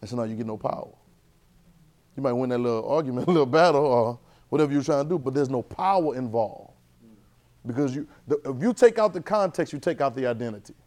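A man teaching a church Bible class, lively and conversational, repeating phrases and asking the class questions. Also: medium pitch, quick pace.

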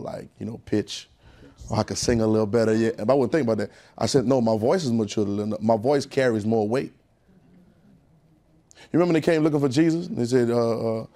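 Man preaching a folksy sermon. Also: mellow. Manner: call-and-response preaching, building in pitch and volume; folksy, conversational asides to the congregation.

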